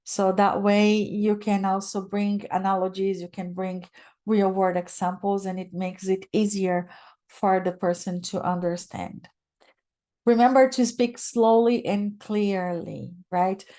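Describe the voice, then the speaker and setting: A woman's voice: medium pitch, steady tone, a little slow, warm tone. Woman presenting an advice webinar. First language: not English. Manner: explanatory, checks in with "right?". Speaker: guest speaker.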